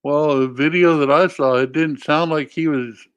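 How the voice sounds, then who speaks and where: A man's voice: fairly high pitch, steady tone, moderate pace, clean tone, highs cut off. A man in a casual online panel chat, laid-back and joking. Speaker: panel co-host.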